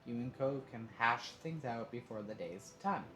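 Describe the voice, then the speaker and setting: A man voicing a firm, no-nonsense mother who talks briskly. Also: mid-range voice, animated, sharp tone, faint music behind. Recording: roomy echo, faint noise.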